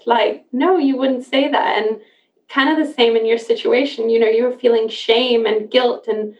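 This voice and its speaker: A woman's voice: fairly high pitch, fairly even intonation, normal speed. Chatty woman host in a roomy, distant recording. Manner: chatty, laughs often, many restarts. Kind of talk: casual podcast conversation. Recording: roomy, distant, dull sound.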